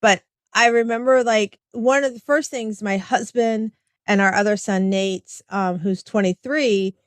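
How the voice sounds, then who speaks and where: This is a middle-aged woman hosting a conversational interview. She speaks at a middle pitch and tells personal stories in a loose, chatty way, slipping into the voices of the people she quotes. The sound is close and dry. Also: steady tone, a little slow, no echo. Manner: warm, chatty, storytelling, acts out quoted dialogue. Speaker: podcast host. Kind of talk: casual interview chat.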